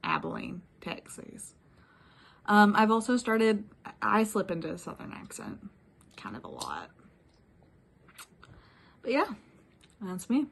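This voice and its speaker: Young woman, gravelly fry, rambling personal video message. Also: medium pitch, a little slow. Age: young adult. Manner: rambling, soft-spoken, frequent ums and little laughs. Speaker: former classmate giving a life update.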